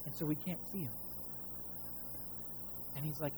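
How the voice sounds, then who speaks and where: Over music and poor audio, a man in his thirties preaches as a pastor in an unhurried voice on the high side with fairly even intonation. He narrates a personal story casually and conversationally, acting out quotes in his own voice and in God's.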